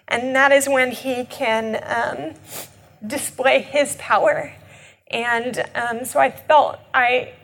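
A young woman giving a tearful personal testimony, halting, with many fillers and restarts. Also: a little high, fairly bright tone. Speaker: nonprofit director.

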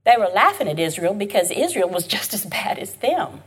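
A woman with a high, breathy voice teaching an informal Bible study. Her pitch swings widely as she talks in a chatty, emphatic way and keeps checking that her listeners are following. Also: big pitch swings, brisk, hardly any pauses, a bit bright.

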